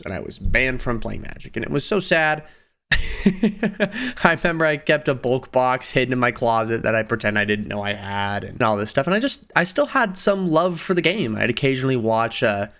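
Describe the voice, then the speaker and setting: A man in his twenties telling personal stories in a casual vlog, animated, laughing often and jumping up in pitch on emphasis. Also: fairly quick. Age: 20s. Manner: animated, laughing storyteller with sudden pitch jumps. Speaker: video creator.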